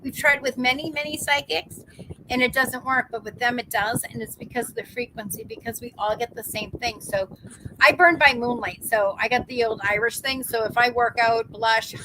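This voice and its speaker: A woman's voice: a little high, steady tone, normal speed, bright, forceful tone, slight background noise, rough recording. A chatty woman in her fifties, a psychic medium hosting a casual live-stream talk, who laughs easily and acts out the voices of people she quotes. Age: 50s.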